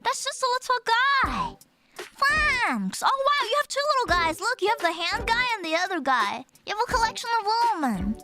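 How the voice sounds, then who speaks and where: Very high-voiced sleepy woman streamer. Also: big pitch swings, fairly quick. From Canada. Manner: sleepy, giggly and swearing, reading chat aloud. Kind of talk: casual live-stream chat. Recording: loud music playing underneath. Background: loud background music.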